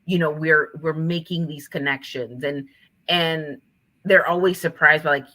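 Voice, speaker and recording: A woman, an author and teacher, telling animated stories in an interview and acting out what her students said. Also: low-pitched, a little slow. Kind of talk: conversational interview storytelling.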